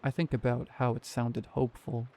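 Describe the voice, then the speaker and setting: A man reading a horror story aloud as scripted narration, in a calm, measured way. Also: medium pitch.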